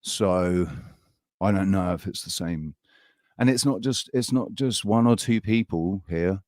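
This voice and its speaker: A man hosting a live stream, ranting in a heated, halting way and swearing often. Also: low-pitched, darkish tone, no echo, clean studio sound. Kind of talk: casual live-stream chat.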